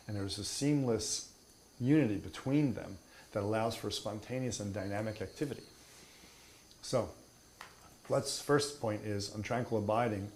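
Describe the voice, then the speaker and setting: A low-voiced man gives a spoken meditation lesson. His delivery is emphatic and playful, and he leans on humor to make his points. A faint background hiss runs underneath. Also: darkish tone. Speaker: meditation teacher. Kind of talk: spoken teaching.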